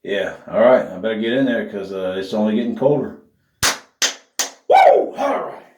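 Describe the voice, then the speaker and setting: A man's voice: on the low side, animated, a little fast, far from the mic, background noise. A man, talking casually to camera in a profane, joking vlog, whooping as he goes. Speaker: vlogger. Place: outdoor shower. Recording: echoey, from off the mic, with running water.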